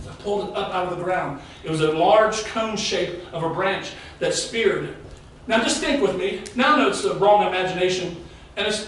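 A man's voice: high-pitched, a bit bright, slight background noise. Middle-aged pastor guy preaching, chatty storyteller, heard from way back in a big echoey church. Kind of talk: sermon. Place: large church sanctuary. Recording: very echoey hall, mic far off.

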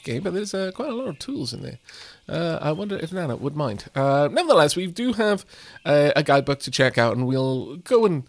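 Guy doing a lets play, jokey, bouncy lively voice, dry close mic. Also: a little high, fairly quick, dry recording. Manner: playful, reads text aloud, jokes, many fillers. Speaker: let's play host. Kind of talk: casual gameplay commentary.

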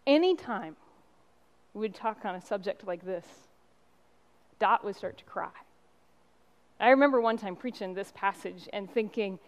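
A middle-aged woman pastor giving a sermon, telling stories and driving points home with emphatic pauses. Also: mid-range voice. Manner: impassioned preaching with storytelling and emphatic pauses.

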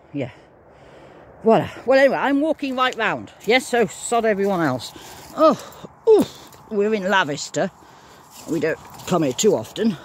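A man's voice: mid-range voice, a little hiss or hum. Rambling older man on a dog walk. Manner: chatty, meandering, breaks off to talk to his dog. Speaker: vlogger walking his dog. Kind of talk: rambling casual monologue. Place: outdoors in fields on a walk.

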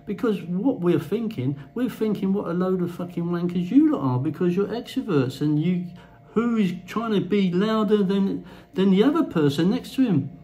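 A man's voice: high voice, lively intonation, normal speed, dark tone, rough recording. A man delivering a blunt, crude ranting monologue to camera as a vlogger. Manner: blunt, crude, swears freely.

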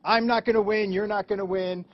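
A man's voice: high-pitched, steady tone, a little fast. A male reporter making teasing, wry jokes in a street interview. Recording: dull lo-fi news clip.

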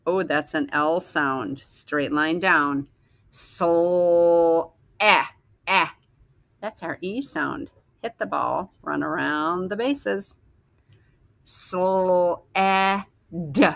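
A woman teacher slowly sounding out letters and words for young children in a phonics lesson. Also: fairly low pitch, vocal fry, fairly bright tone, no echo. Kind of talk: early-reading phonics lesson.

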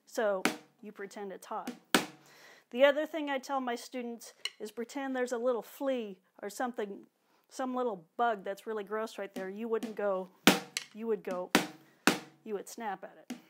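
A woman's voice: a little high, normal speed, very noisy. A woman drum teacher patiently explaining a technique, now and then vocalizing drum strokes. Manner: clear, patient explaining with spoken drum sounds. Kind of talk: instructional demonstration. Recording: loud drumming behind the voice. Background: drums.

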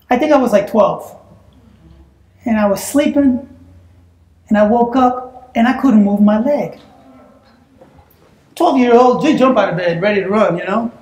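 A woman preaching a sermon in a church, telling a personal story in an animated way that breaks into shouts and laughter. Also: high-pitched, echoey room. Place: church sanctuary.

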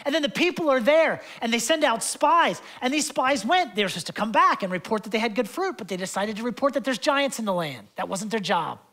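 A young adult man preaching a sermon as pastor in a loose, conversational way, full of fillers and asides, and passionate as he swings between loud stretches and hushed ones. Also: very high voice, lively intonation, brisk, hardly any pauses.

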